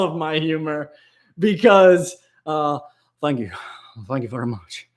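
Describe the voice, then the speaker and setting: Guy rambling on his fish tank live stream, laughs a lot, kinda high voice. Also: animated, slow pace. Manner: rambling, laughs often, slips into goofy voices. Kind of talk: casual live-stream chat.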